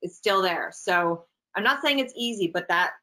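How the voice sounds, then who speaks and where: A middle-aged actress from Canada, telling stories in a casual, animated interview. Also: female voice, medium pitch, rough recording. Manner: animated, chatty, quick asides. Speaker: actress, guest.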